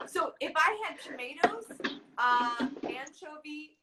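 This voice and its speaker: A woman hosting a casual cooking show over a video call, gushing and excitable. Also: high-pitched, takes it slowly, very noisy. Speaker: host.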